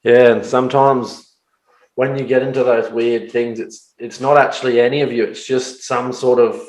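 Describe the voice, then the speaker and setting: A man's voice: mid-range voice, fairly even intonation, normal speed, darkish tone. A man hosting a podcast in casual chat, swearing and acting out quoted lines in little voices. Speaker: podcast host. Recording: roomy echo.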